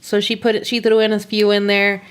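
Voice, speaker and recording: A woman co-hosting a podcast in casual chat, teasing and giggly, with deadpan jokes. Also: medium pitch, fairly quick, clear, resonant tone. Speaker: podcast co-host.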